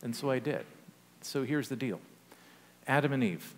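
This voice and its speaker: A male pastor preaches in a relaxed, storytelling way, tossing in wry asides as he goes. His medium-pitched voice rings out with a long reverb, as in a church sanctuary. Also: moderate pace. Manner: conversational, animated storytelling with asides. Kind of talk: sermon storytelling.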